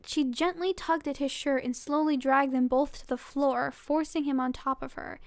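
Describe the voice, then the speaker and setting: Casting: tired young woman vlogger, high unhurried voice, giggly rambling chat, dry close sound. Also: animated, creaky, no room sound. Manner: giggly, rambling, full of fillers. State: sleepy. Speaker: vlogger reading fan fiction. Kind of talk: casual late-night reading aloud.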